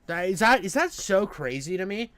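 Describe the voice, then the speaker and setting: Male drama commentator, high voice, dry close sound, profane heated ranting. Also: very animated, normal speed, fairly bright tone, no echo. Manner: profane, ranting, frequent restarts.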